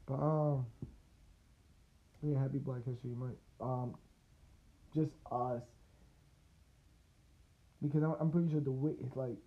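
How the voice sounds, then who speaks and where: A man's voice: mid-range voice, steady tone, measured pace, long pauses. Man ranting over a tinny phone line. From United States. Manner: loose, profane and rambling, with laughs and restarts. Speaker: podcast host. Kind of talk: casual solo podcast rant.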